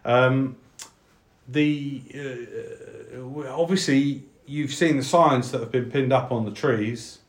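A man's voice: medium pitch, steady tone, takes it slowly, reverberant, natural voice. A man voicing a polite, nervous male guard captain who stammers and apologizes. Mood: apologetic.

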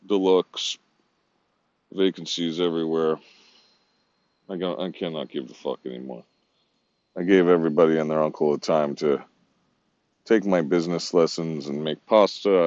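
A man's voice: rumbling low, darkish tone, no echo, highs cut off. A man talking to himself in a rambling, disjointed monologue, swearing now and then.

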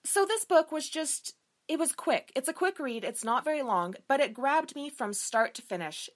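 A woman's voice: high-pitched, animated, normal speed. Emphatic, swearing woman reviewing a book. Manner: emphatic, enthusiastic and frequently profane. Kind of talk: casual book review vlog.

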